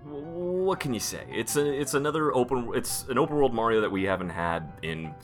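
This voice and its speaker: A man co-hosting a podcast in casual chat, excitable and rambling, restarting his sentences often. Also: mid-range voice, fairly quick, faint music behind. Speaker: podcast co-host.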